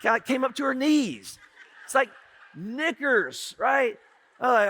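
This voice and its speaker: A man's voice: very high-pitched, a little slow, sharp tone. A middle-aged male pastor, telling a humorous story in a church sermon. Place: church sanctuary. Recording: reverberant church hall.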